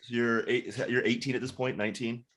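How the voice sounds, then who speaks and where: A man co-hosting a podcast, asking questions and dropping quick joking asides. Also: mid-range voice, level tone, fairly bright tone. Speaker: podcast co-host. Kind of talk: casual chat.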